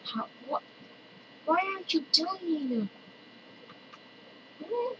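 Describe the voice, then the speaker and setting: High-voiced woman narrating her gameplay. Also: a little slow, muffled recording. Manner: chatty, excitable, talks to other players. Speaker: let's-play gamer. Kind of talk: casual gameplay commentary. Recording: distant mic with loud noise.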